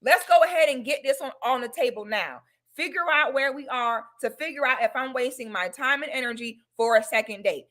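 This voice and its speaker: A woman hosting a casual livestream talk, giving blunt, opinionated advice in an animated way. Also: sits high, brisk. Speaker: online talk host.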